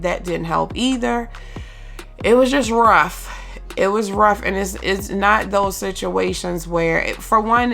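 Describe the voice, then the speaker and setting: A mother talking candidly in a personal vlog, slow and halting, with many pauses and ums, open about her feelings. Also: fairly low pitch, creaky, sharp tone. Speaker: mother vlogger.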